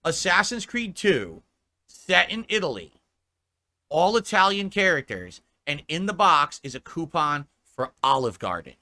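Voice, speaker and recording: A male livestreamer talking to his chat in a fed-up, profane rant. His voice sits slightly high and comes out bright and pushy. He reads out viewer comments and picks them apart one after another. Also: very animated, measured pace. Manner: profane, exasperated ranting. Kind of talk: live stream rant.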